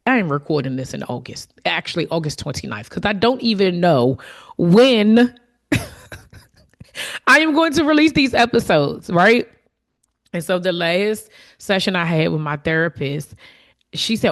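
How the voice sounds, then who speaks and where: A woman's voice: fairly low pitch, animated, a little slow, pauses often. A woman hosting her own podcast, talking candidly and from the heart in a reflective solo monologue, with fillers and restarts. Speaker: podcast host.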